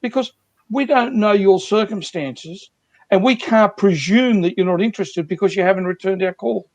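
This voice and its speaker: A man's voice: sits high, moderate pace, no room sound. A man working as a sales coach, earnestly explaining techniques through repeated examples on a video call.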